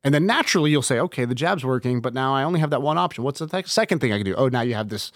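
Guest, male, rapid casual storyteller, dry close mic. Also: medium pitch, dry recording. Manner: animated, acts out quoted dialogue. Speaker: podcast guest.

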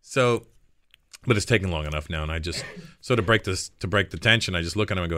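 Male guest, fairly low voice, bright tone, easygoing storyteller who laughs a lot. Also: fast talker. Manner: laid-back, laughs often while telling stories. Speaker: guest comedian and actor. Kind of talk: relaxed interview chat.

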